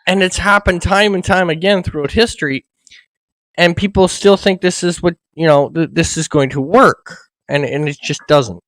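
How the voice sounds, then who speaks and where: A man with a high voice hosts a casual history chat, thinking aloud and tripping over repeated words. His voice sounds dry and close, with no room echo at all. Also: normal speed, a bit bright. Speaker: podcast host.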